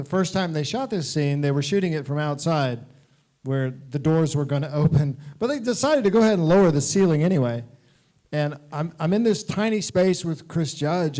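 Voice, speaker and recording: Laughing storyteller man, slightly high voice. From United States. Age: middle-aged. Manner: animated anecdotal storytelling, laughing often. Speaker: guest actor. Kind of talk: on-stage convention talk. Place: convention stage.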